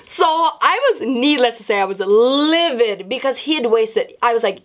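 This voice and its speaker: A woman's voice: sits high, lively intonation, normal speed, fairly bright tone. A young woman vlogger telling a storytime tale, swearing freely and acting out quotes dramatically. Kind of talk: storytime vlog.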